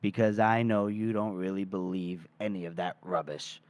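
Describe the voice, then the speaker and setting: A man's voice: deep voice, fairly even intonation, moderate pace, a little mellow, no echo, pitched below the performer's own voice, close to an everyday voice. A man voicing a weary, sardonic aging male mercenary captain, reading quoted lines from a novel in a dry, world-weary way. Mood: gentle.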